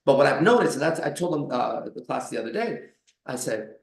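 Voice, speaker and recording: A man's voice: mid-range voice, very animated, a little fast, gravelly. A man in casual podcast conversation, talking emphatically, swearing and keeping his listener engaged with "right?". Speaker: coach and podcast host. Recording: echoey room.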